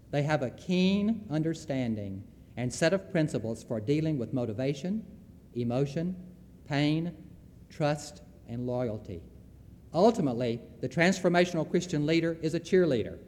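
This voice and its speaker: A man's voice: a little high, darkish tone, big-room sound. A Southern man giving a folksy, emphatic lecture on Christian leadership, with storytelling asides.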